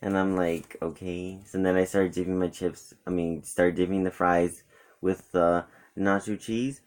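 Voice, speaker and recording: A young man telling a rambling, animated story about a day out with friends in a casual vlog, acting out what his friends said. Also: low voice, a little slow. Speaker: vlogger.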